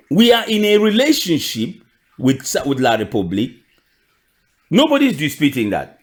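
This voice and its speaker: A man with a Cameroonian accent delivers a fiery political monologue. His fairly high voice leaps up and drops low from phrase to phrase, and he hammers his questions home through repeats and restarts. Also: wildly swooping pitch, normal speed, pauses often. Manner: repeats questions with emphatic restarts and sudden pitch jumps. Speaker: political commentator.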